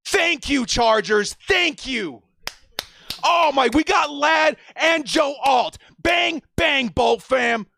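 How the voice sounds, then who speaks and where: A man hosting a live-stream watch party, over-excited, shouting and repeating himself, breathless and shaking with excitement. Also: very high voice, slow, creaky, no echo.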